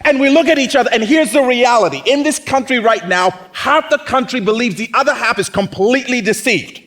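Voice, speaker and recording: A man's voice: extremely high pitch, a little fast, a bit bright. A man preaching a sermon as pastor, talking conversationally and acting out other people's voices. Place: church.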